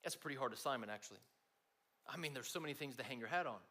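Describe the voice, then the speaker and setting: A man's voice: mid-range voice, rapid-fire, sharp tone. A man giving a conversational sermon to a room of students, talking to them directly. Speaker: speaker at a student gathering.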